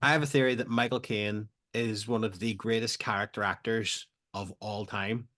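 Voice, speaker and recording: A man's voice: lowish voice, moderate pace. Opinionated man co-hosting a podcast. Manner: animated, opinionated, laughs often. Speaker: podcast co-host. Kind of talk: casual film chat.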